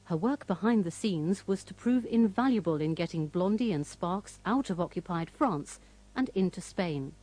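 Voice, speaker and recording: A woman giving scripted documentary narration in a measured, even way. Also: fairly low pitch, rough recording.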